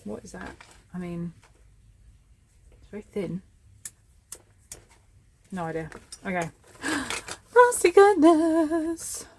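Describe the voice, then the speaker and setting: A woman's voice: lowish voice, animated, slow pace, long pauses, a little hiss or hum. A woman in her thirties chatting casually as she sorts through scrap, thinking aloud. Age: 30s. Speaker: scrapping vlogger. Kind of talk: casual commentary while sorting scrap.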